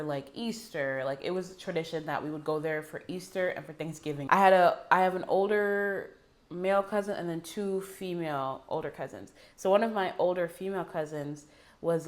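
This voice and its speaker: A woman in her early twenties telling personal stories to camera in a casual, rambling way full of fillers. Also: lowish voice. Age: early 20s. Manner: rambling, filler-heavy and emotional. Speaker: vlogger.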